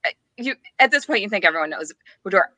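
A woman co-hosting a podcast, telling a story in a casual, animated way with frequent giggles. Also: medium pitch, fast talker, no room sound. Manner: animated, giggly, rising to squeals on punchlines. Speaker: podcast co-host.

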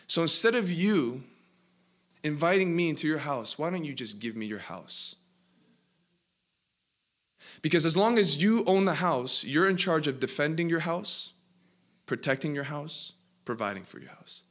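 A male preacher voicing Jesus in a parable, speaking calmly and with measured instruction. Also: a little high, full character voice. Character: calm, patient Jesus speaking gently.

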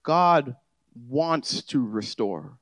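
A man preaching a conversational sermon, shifting from quiet, easygoing asides to emphatic, rising declarations. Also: mid-range voice, expressive, extremely slow, no echo. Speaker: pastor.

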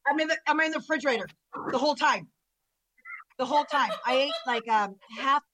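A woman co-hosting a podcast, telling a rambling, animated story in casual chat. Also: high-pitched, brisk, a crowd in the background, poor audio. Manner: animated, rambling storyteller who laughs a lot. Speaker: podcast co-host.

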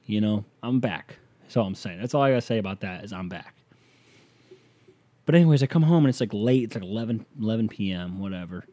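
Man, podcast host, casual rambling monologue, joking, mellow dark tone. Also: fairly low pitch, expressive, fast. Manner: rambling, joking, addresses listener directly.

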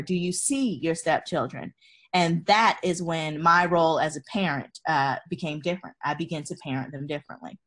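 A woman telling a personal story in casual conversation, expressive and animated, laughing often. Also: sits low, moderate pace. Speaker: guest.

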